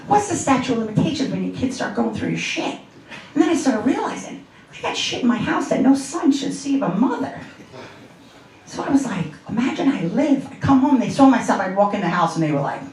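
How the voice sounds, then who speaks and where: On a comedy club stage, a Long Island woman in her fifties tells stories in a conversational, brash and profane way. She speaks briskly in a fairly high, very animated voice. The distant mic captures an echoey room with slight background noise.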